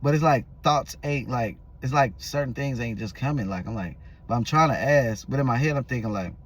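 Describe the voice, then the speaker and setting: A man's voice: mid-range voice, a little fast. A man vlogging, telling a story in a loose, rambling casual way with restarts and fillers.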